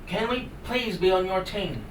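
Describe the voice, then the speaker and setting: A man voicing an eager little male forest animal who pleads and squeals with excitement at a live storytelling event. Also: measured pace, slight background noise. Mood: excited. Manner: pleading, excited and high-pitched. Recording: roomy hall from far off.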